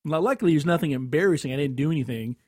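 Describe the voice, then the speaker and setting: A man with a husky, slightly breathy voice spins a long anecdote, chuckling through it and pushing his voice up as the story peaks. The recording is dry and close, with no room sound. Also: on the high side, very fast, no echo. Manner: animated, laughs often mid-story. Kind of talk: casual chat, anecdotal storytelling.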